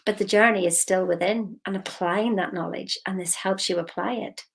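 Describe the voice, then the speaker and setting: A woman mindset coach giving a lively, emphatic motivational talk straight to her viewers. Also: medium pitch, moderate pace, vocal fry, breathy edge. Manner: lively, emphatic, slips into quoted voices.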